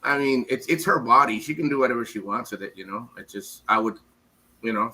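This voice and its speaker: A man's voice: medium pitch, a little fast, pushed and bright, poor audio. A man from the United States talking as an interview guest in a casual chat, rambling, repeating words and acting out quoted women.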